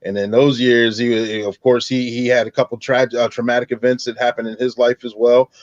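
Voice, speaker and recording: A man's voice: medium pitch, little pitch movement, a little fast, no room sound. A man hosting a podcast panel, a supportive listener who chimes in with short affirmations. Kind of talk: casual panel discussion. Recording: slightly dull dry audio.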